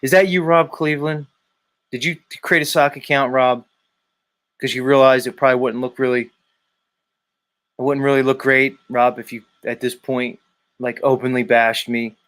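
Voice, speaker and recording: A man's voice: mid-range voice, little pitch movement, normal speed, long pauses, a bit bright. A man hosting a daily live stream, reading viewer comments aloud and teasing commenters by name in a rambling, casual way. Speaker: livestream host reading chat.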